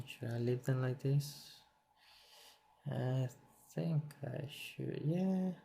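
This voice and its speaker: A man who is not a native English speaker, hosting a software tutorial and thinking aloud as he works, a bit tired and self-correcting. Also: medium pitch, vocal fry. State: yawning, tired. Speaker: tutorial host. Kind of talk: screen-recorded software tutorial.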